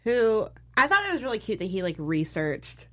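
A woman's voice: mid-range voice, big pitch swings, normal speed, a bit bright. A young woman chatting casually as a podcast co-host, full of "like" and "you know" fillers, with the hiccups. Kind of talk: casual chat.

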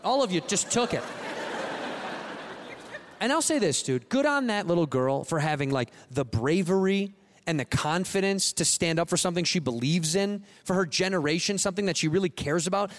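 A man in his late thirties doing a profane, mock-outraged stand-up rant in a live venue. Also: sits high. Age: late 30s. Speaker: stand-up comedian. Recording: noisy live room ambience.

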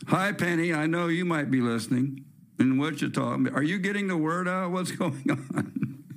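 A man's voice: fairly high pitch, moderate pace. A man from California hosting a talk-radio show, delivering a blunt, rambling, opinionated rant. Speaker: host. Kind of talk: ranting talk-radio monologue.

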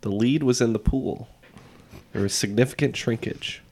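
A man's voice: mid-range voice, moderate pace, a little mellow. A man joking sardonically as a contestant in casual podcast banter.

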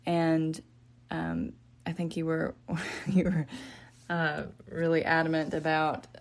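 Woman, podcast guest, soft-spoken, reflective, very low voice, gravelly. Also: little pitch movement, slow pace. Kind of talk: faith podcast conversation.

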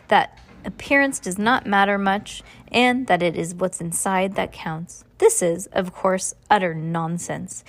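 A woman reading a children's book aloud in a casual way, stumbling on hard words and correcting herself. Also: medium pitch. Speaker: reader.

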